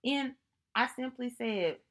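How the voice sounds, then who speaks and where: A woman with a somewhat high voice talks slowly and deliberately to her camera. She reflects earnestly on personal experiences, lingering on phrases and circling back to repeat a point. Her tone stays thoughtful and sincere throughout. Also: fairly bright tone. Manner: earnest, thoughtful, unhurried storytelling with repetitions. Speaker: vlogger.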